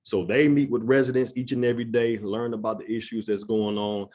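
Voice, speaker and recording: Guy with a lowish voice giving a community talk, earnest and chatty. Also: fairly even intonation, brisk, darkish tone. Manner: earnest, conversational, uses "right?" and "y'all". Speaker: executive director of a neighborhood nonprofit. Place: room in a church.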